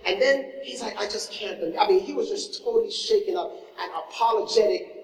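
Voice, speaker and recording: Animated male pastor in an echoey hall. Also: high voice, a little fast, creaky, hardly any pauses. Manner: animated storytelling, swinging from loud to hushed. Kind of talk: sermon. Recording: echoey hall, mic from far off.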